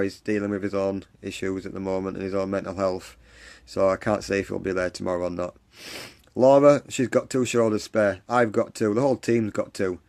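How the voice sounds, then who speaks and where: Man, lowish voice, live-stream host, earnest and repetitive pep talk. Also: darkish tone. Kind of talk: encouraging livestream talk. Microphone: phone or webcam on a live stream.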